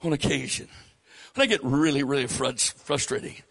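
Older Southern preacher man, bright voice. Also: lively intonation, normal speed, creaky. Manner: preaching, swells loud and high on key phrases. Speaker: pastor. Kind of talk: sermon.

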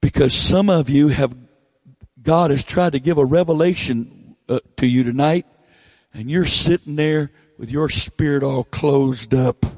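A man's voice: unhurried, a little mellow, dry recording, studio quality. A male preacher, delivering a blunt, folksy sermon with teasing asides into a handheld microphone. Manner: folksy, blunt, teasing, drops to low mocking tones.

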